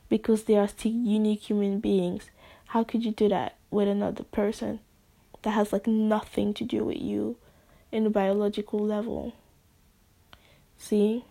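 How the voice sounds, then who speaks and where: A woman vlogger in a spontaneous, rambling monologue, using slang and sometimes dropping into soft whispers. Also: mid-range voice, creaky.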